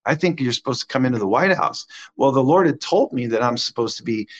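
A man giving a conversational testimony as a guest minister, animated and acting out the quotes of the people in his story. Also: mid-range voice, fast talker, dull audio, a little hiss or hum.

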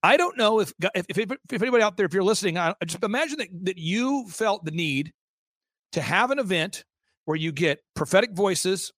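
High-voiced man telling a lively story. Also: a little fast, no echo, clean studio sound. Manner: animated, acts out quoted voices, frequent restarts. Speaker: interview guest, event organizer. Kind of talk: fast storytelling anecdote.

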